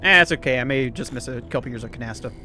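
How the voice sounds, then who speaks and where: A man's voice: medium pitch, rapid-fire, pushed and bright, faint music behind. A young man telling a rambling story in casual chat, swearing, laughing often and full of fillers. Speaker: storyteller host.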